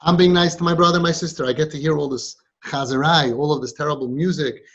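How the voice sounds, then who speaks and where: A man with a slightly high, fairly bright voice talks fast in a steady tone, giving a motivational talk to a live audience of girls. He quizzes them with rhetorical questions, teases, and repeats points emphatically. The recording is dull and lo-fi, with slight background noise.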